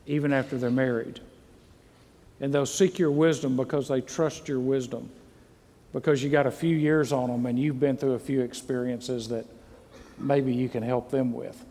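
Warm and medium-pitched, a middle-aged pastor delivers a sermon at a normal speed with fairly even intonation. In the reverberant church sanctuary he earnestly poses question after question, and the congregation answers with amens.

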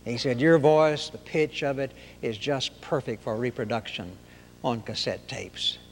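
A man's voice: medium pitch, unhurried, husky. A middle-aged man preaching a sermon in a folksy, emphatic way, asking rhetorical questions. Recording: long hall reverb.

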